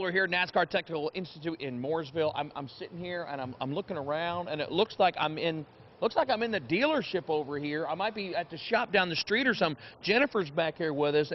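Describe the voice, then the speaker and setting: Fast-talking upbeat TV reporter man. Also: high voice, muffled recording, slight background noise. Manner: energetic, exclamatory, enthusiastic. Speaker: TV morning show field reporter. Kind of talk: lively live TV interview. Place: automotive training shop.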